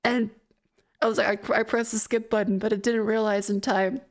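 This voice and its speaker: A woman's voice: on the high side, level tone, moderate pace. A woman streamer chatting casually with viewers, telling a rambling, swear-filled story and often laughing. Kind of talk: casual chat.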